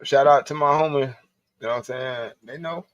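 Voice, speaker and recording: A man's voice: medium pitch, a little fast, dry recording, highs cut off. A man hosting a livestream, telling loose, profane stories with frequent laughter. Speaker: livestream host. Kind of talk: casual storytelling.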